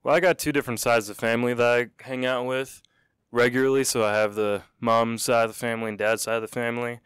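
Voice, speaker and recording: A man's voice: medium pitch, flat delivery, fast, a bit bright, clean tone, no echo, studio quality. A teenage boy chatting as a podcast guest, joking and making goofy asides. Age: teens. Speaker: guest, show choir performer. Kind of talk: casual chat.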